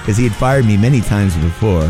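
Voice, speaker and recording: A man's voice: fairly low pitch, expressive, fairly quick, music in the background. A middle-aged man telling rock touring stories in a laid-back, laughing way. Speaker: guest drummer. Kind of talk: casual interview storytelling.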